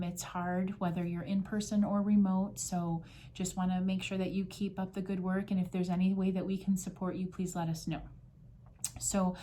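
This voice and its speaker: Low, mellow-voiced woman reading aloud. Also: a little hiss or hum.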